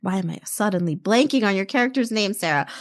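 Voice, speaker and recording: A woman's voice: medium pitch, expressive, a little fast. A woman playing a tabletop role-play game, chatting casually with lots of fillers. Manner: chatty, lots of likes, laughs easily.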